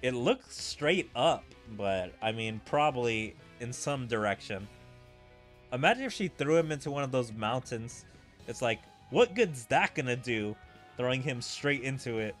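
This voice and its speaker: A man's voice: medium pitch, lively intonation, unhurried, fairly bright tone, soft background music. A man giving casual gameplay commentary, musing and thinking aloud to himself as he plays. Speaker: streamer playing a game.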